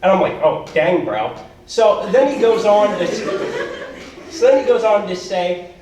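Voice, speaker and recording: A man's voice: sits high, normal speed, a crowd in the background. A man doing stand-up comedy at a talent show, rambling and self-deprecating, losing his voice. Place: school auditorium stage with audience. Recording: echoey hall recorded from far off.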